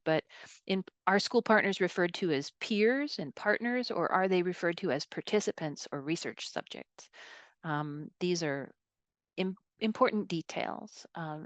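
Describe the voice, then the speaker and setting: A woman with a low-pitched voice presents as a program officer in a webinar. She talks in a measured, thoughtful way, pausing on fillers as she goes. The recording is dry and close. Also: dry recording.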